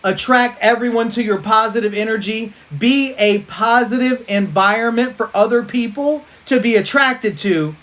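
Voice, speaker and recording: A man giving an energetic motivational pep talk to his team on a livestream, repeating rallying lines like a preacher. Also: very high-pitched, normal speed, few pauses.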